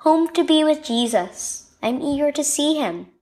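A woman voicing a gentle, weak old grandfather in a children's story, speaking softly and calmly. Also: high voice, a little slow, voice pushed up. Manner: soft, gentle, calm.

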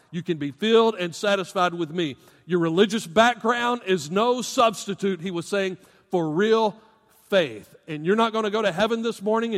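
Male pastor, high voice, emphatic animated preaching, long hall echo. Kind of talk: sermon.

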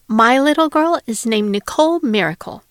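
A woman's voice: fairly high pitch, animated, normal speed, no echo. A woman reading as a welcoming widowed father. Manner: warm, welcoming, hospitable. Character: kindly middle-aged male homeowner, a widower.

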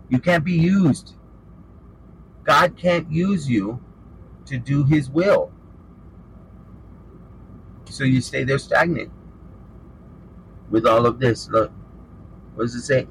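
A man's voice: medium pitch, fairly bright tone, a little hiss or hum, poor audio. A man preaching an informal sermon, fervent and calling listeners out with rhetorical questions. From western United States.

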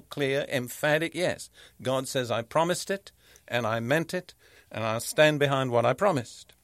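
A man teaching a sermon, reading scripture aloud and explaining it in a measured, emphatic way. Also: mid-range voice, dry recording, clean studio sound. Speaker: Bible teacher.

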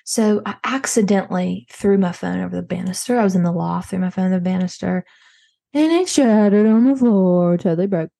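A woman's voice: fairly low pitch, brisk, gravelly, warm tone. A woman playing a dramatic, petty mom who rambles and gossips. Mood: exasperated. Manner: rambling, gossipy, full of restarts, acts out others' voices. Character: frazzled wealthy Southern mom, dramatic, petty. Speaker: show's main character. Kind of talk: comedic character monologue.

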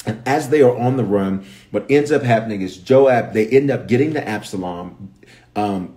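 A man with a Memphis accent, a bishop teaching the Bible on a livestream, telling the story with animated voices for the characters. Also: on the low side, normal speed.

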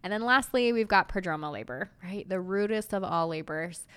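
A woman's voice: on the low side, moderate pace, a bit bright, clean tone. A young woman hosting a solo podcast, talking in a reassuring, conversational way with plenty of ums and likes. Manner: conversational, reassuring, filler-heavy. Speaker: podcast host.

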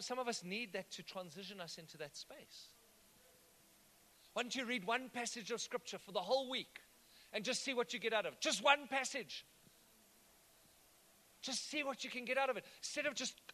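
A man's voice: very high-pitched, sharp tone. A man preaching a sermon, conversational and often asking the congregation whether they follow. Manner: conversational, asks the congregation questions. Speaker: pastor.

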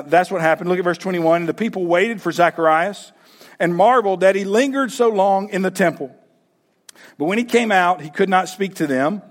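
Guy pastor with a high voice giving a sermon, lots of restarts and asking the room stuff. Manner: animated preaching with many restarts and direct questions to the congregation.

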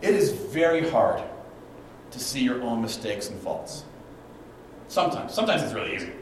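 A man's voice: medium pitch, very animated, moderate pace. A middle-aged man preaches from the pulpit, drawing out stories and acting out voices. His voice rings through a roomy sanctuary and reaches the mic from a distance, with a faint hum of the room behind him. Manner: storytelling preacher, acts out quotes, dynamic swings in volume. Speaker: pastor. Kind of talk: sermon. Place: church sanctuary. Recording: echoey church hall, mic at a distance.

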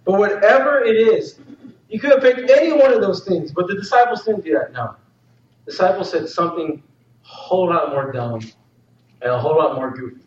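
A man with a fairly high voice delivers a laid-back, slangy sermon, leaning on "like" and "you know" as he talks to his congregation. He sounds set back from the mic in an echoing hall, and the recording comes through dull. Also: fairly quick, distant mic, a little hiss or hum. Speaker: preacher. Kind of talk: casual, jokey sermon.

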